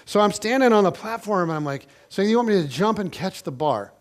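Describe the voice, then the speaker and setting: A man preaching to his church with a notably high voice. He tells the story in a chatty, animated way, drawing the congregation in with direct questions. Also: fairly quick. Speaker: pastor. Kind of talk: sermon.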